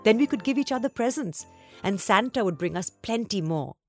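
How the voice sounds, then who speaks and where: A woman voicing a young schoolgirl in a storybook reading, speaking high and pleading. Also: animated, moderate pace, faint music behind, natural voice. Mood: eager, tearful. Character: young girl, upset and eager.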